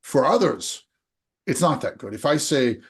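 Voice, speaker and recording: A man in his forties from Denmark, hosting and coaching a guest in a frank, energetic way, full of rhetorical questions. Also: medium pitch, measured pace, breathy edge. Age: 40s. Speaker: host, business coach. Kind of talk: coaching conversation.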